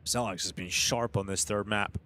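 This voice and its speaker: A man casting play-by-play commentary on an esports match, fast and excitable. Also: on the low side. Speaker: esports caster. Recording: noisy broadcast mix with gunfire. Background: game gunfire and clicks.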